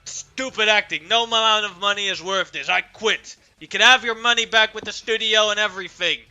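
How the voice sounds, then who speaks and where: A furious Australian movie actor storms off set, shouting in outrage, as a game master puts him on. His voice rides high and loud, and it comes out bright and sharp, with faint music behind. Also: fairly quick, clear, resonant tone, exaggerated voice. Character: hot-tempered male movie actor quitting mid-scene.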